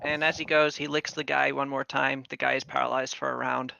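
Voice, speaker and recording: A man running a tabletop game as game master, narrating in a relaxed way with frequent ums. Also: medium pitch, brisk, gravelly, slight background noise. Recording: muffled lo-fi audio.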